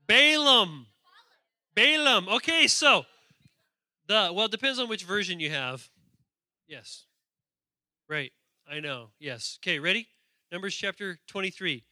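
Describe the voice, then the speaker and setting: A man preaching a sermon, an animated, joking storyteller. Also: high voice, no echo, studio quality. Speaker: pastor.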